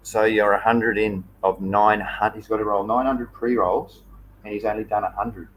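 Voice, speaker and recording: A man's voice: lowish voice, fairly even intonation, moderate pace, slight background noise, poor audio. A man with an Australian accent hosting a casual live stream, talking through viewer questions in a chatty, easygoing and rambling way. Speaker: livestream host.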